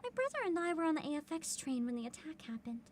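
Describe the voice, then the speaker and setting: A woman voicing a gentle young female soldier who speaks softly about a loss. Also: high voice, big pitch swings, quick pace, slight background noise, voice pushed down. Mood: sad. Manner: soft, quiet and subdued.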